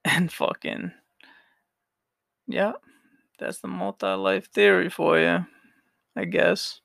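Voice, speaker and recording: Gravelly, laughing young podcast guy. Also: high-pitched, sing-song, takes it slowly, a bit bright, dry recording, clean studio sound. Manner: rambling, profane, laughs often. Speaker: podcast host. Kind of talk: casual solo storytelling.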